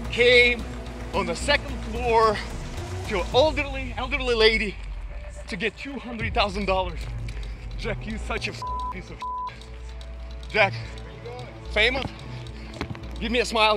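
High-voiced man taunting during a chase. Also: measured pace, pauses often, music in the background. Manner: taunting, repeats a name over and over. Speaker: scambaiter confronting a scammer.

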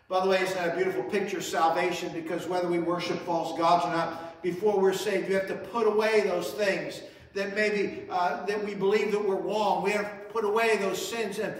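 A man's voice: high-pitched, a bit bright, heavy reverb, recorded from a distance, low-quality recording. A man preaching a sermon as pastor, his emphasis rising and falling. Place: church sanctuary.

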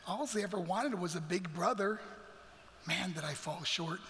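A man's voice: high voice, normal speed, bright, forceful tone, slight background noise. A man giving an earnest, emotional talk as a guest speaker in a church. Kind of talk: heartfelt motivational talk. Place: church sanctuary. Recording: long hall reverb with faint music.

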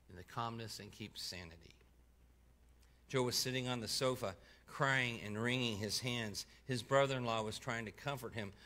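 A man reading a first-person story aloud at a church service, expressively, slowing and softening for grave moments, with occasional stumbles and self-corrections. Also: on the low side. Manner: expressive, slows down and drops soft for grave moments.

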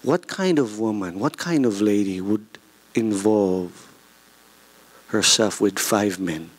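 A man with a Filipino accent preaching a sermon, animated, mixing English and Tagalog with jokey asides. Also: on the low side, slow pace, slightly rough.

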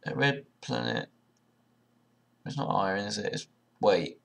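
Unhurried and fairly low-pitched with vocal fry, this young man is a video creator doing an online quiz. He chats casually, muttering guesses and thinking aloud, full of sarcastic swearing and sudden loud outbursts.

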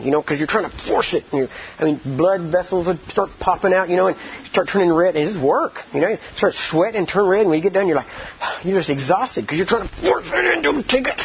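A man teaching a ministry training session in a sermon style, telling stories in an animated, colloquial way and often repeating words. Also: high-pitched, a little hiss or hum. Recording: dull lo-fi audio.

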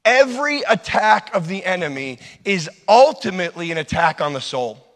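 Animated male preacher in a reverberant hall. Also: sits high. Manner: animated storytelling, swings from loud to hushed. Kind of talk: sermon with personal story. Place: church hall.

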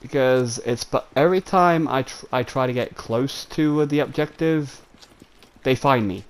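A man's voice: medium pitch, normal speed, smooth. A man giving jittery let's play commentary, swearing and talking straight to his viewers. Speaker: gamer.

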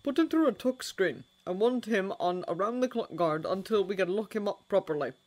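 A woman voicing a harried male police inspector who barks brisk orders. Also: mid-range voice, expressive, a little mellow, natural voice. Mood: commanding.

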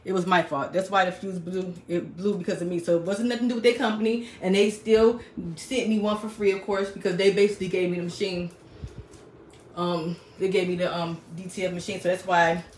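A woman's voice: fairly low pitch, steady tone, fairly quick. A woman hosting a casual crafting live stream from a small home craft room, chatting directly with her viewers and reading their comments aloud. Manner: chatty, talks straight to viewers, reads out comments. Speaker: crafting livestream host. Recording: roomy, distant mic with faint background noise.

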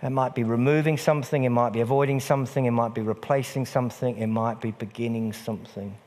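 A man's voice: mid-range voice, steady tone, fast, a little mellow. Earnest preacher man, long church reverb. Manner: earnest, repeats phrases for emphasis. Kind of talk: sermon. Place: church hall.

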